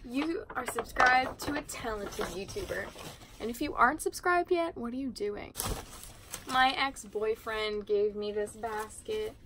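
A woman's voice: on the high side, a little slow, noisy background. A teenage girl chatting casually while cleaning her room, sarcastic and swearing freely. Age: teens. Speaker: vlogger.

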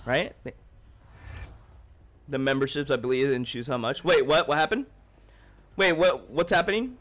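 A young man livestreaming a game in casual chat, excitable and joking as he thanks his chat. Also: a little high.

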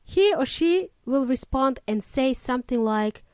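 A woman's voice: high-pitched, expressive, moderate pace, hardly any pauses, smooth, no echo. A woman hosting a podcast English lesson, explaining words in an upbeat, chatty way with casual slang. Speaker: English teacher and podcast host.

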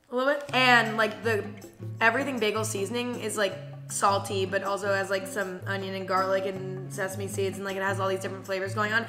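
A woman's voice: mid-range voice, sharp tone. A young woman in a casual taste-test vlog, blunt and candid, swearing now and then. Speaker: vlogger. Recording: faint music underneath.

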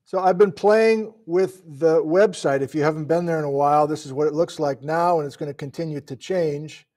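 Running a casual live-stream lesson, a sleep-deprived, middle-aged geology lecturer from Wisconsin, USA, sounds flustered as he thinks out loud. His voice sits a little high and is a little mellow, and he speaks fairly quickly.

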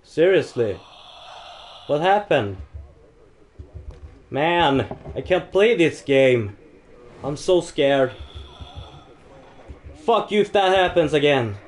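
Jumpy, high-voiced man playing a horror game. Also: slow, long pauses, a little hiss or hum. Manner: jumpy, swearing, panicky outbursts and nervous laughs; lively, dramatic pitch swings between yelps and mutters. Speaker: livestream gamer. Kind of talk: frightened horror game commentary.

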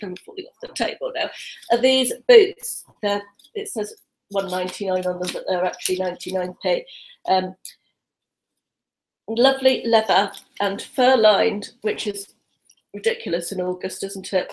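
A woman, chatting nervously and quickly through a live-stream haul on a webcam, a little out of breath, with lots of ums. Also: mid-range voice. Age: 50s. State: slightly out of breath. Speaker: vlogger.

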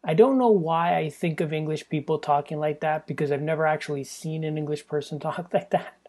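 A man's voice: fairly high pitch, a little fast, darkish tone. Rambling, self-mocking male podcast host. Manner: rambling, self-deprecating, profane asides; drops into a mock English accent for jokes. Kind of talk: casual solo podcast monologue.

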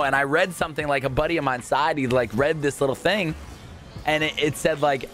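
A young man in casual gaming commentary, rambling excitedly and sometimes breaking into shouts. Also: fairly high pitch, fairly quick, soft background music. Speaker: gaming YouTuber. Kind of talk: casual crate-opening commentary.

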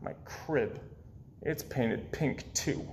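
A man voicing a wistful, stubborn young boy who often mutters softly in a read-aloud storybook. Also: fairly high pitch, animated, measured pace, a little hiss or hum. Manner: soft, often muttered or whispered.

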